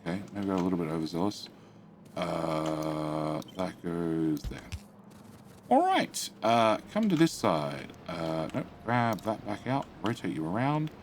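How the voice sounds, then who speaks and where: Male live streamer, casual running commentary, animated pitch, chats to viewers between build steps. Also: measured pace, slight background noise. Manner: chatty, muttering to himself while building; reads out and greets chat. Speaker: game streamer.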